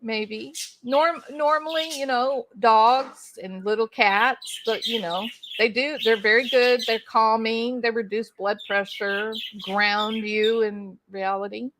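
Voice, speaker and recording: A woman's voice: fairly high pitch, fairly even intonation, slow pace, few pauses, fairly bright tone, a little hiss or hum. A middle-aged woman hosting a casual livestream from home, chatting folksily and addressing viewers by name. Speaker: livestream host reading chat. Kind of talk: casual chat.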